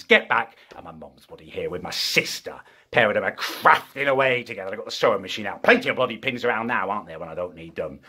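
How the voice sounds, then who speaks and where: A man's voice: mid-range voice, sharp tone, slightly rough. A young British man playing a petty, self-pitying vlogger who rants in a whiny, aggrieved way, always tagging on "right?". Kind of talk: ranting comedy character vlog.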